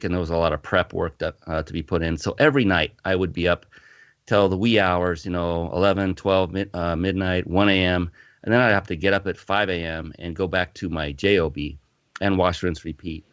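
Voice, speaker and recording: A low, clear, resonant male voice belongs to a podcast guest who founded a fitness company. He animatedly tells a personal story in a casual interview, often restarting his sentences. The audio is muffled and lo-fi, dry with no echo.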